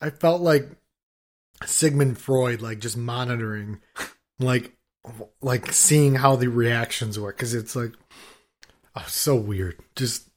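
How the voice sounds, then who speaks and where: A man in casual conversation, telling rambling stories full of fillers and swearing, and acting out shouting coworkers. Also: medium pitch, takes it slowly, pauses often. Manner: rambling storyteller, swears freely, filler-heavy; acts out other people's shouting in his stories. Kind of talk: casual chat.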